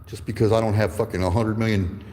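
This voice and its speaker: A man's voice: fairly low pitch, steady tone, quick pace, dark tone, big-room sound, slight background noise. A man in his fifties ranting angrily and profanely while livestreaming, telling rambling stories. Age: 50s. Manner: angry, profane, rambling storytelling. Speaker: livestreaming channel host. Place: courthouse building with echo.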